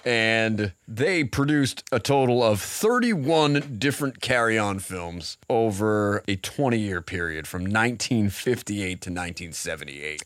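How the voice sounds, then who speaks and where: Male podcast host, low-ish, animated delivery, chatty and rambling. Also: no echo, clean studio sound. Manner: rambling, chatty, full of fillers. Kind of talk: casual chat.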